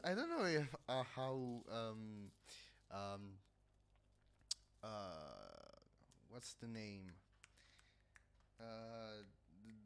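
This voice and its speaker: An Italian man speaks English with an Italian accent while chatting casually on a livestream through a headset. His voice is lowish, clear and resonant, though nasal-sounding, and he hesitates, often stopping to search for words.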